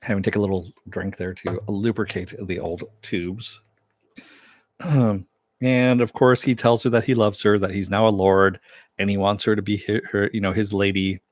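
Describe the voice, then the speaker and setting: A man's voice: lowish voice, little pitch movement, moderate pace, dry recording. A man giving a casual, chatty recap of a TV episode, retelling scenes with loose asides and the odd swear word. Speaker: TV show reviewer.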